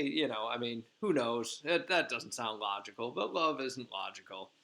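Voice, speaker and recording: A man's voice: medium pitch, lively intonation, unhurried, vocal fry, hardly any pauses, pushed and bright. A male teacher retelling a play for his class in a chatty, informal way with lots of fillers.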